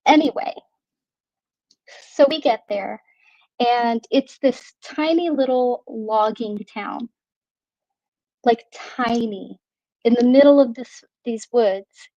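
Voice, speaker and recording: A young woman with a slightly high voice tells a rambling story, stacking "like" and laughing at herself. Her voice comes through a dull, dry home mic. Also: slow pace, pauses often, mellow, dry recording. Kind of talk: casual storytelling.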